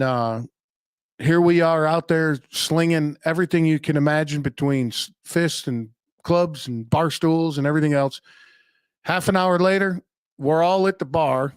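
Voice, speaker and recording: A man's voice: a little high, smooth, no echo, studio quality. A man in his thirties hosting a solo podcast, telling stories in a blunt, profane, offhand way. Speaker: podcast host. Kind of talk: unscripted solo podcast monologue.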